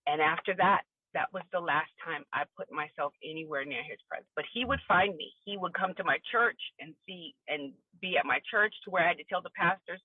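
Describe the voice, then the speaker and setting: A woman's voice: fairly low pitch, brisk, hardly any pauses, breathy edge, no echo. A woman guest on a podcast interview, giving candid, emotional personal testimony. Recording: tinny phone line, dry.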